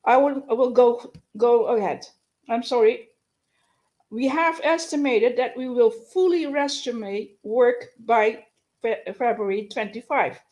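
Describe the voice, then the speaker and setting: Slow, halting woman with a high voice. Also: a little mellow, highs cut off. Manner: halting, stumbles and restarts often; exasperated, complaining. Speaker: host of live news and Q&A. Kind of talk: live stream news update.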